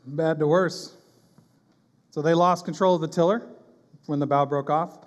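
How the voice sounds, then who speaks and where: A man preaching a sermon as pastor, animated and conversational, with quick asides and acted-out voices. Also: on the high side. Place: church sanctuary. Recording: long hall reverb.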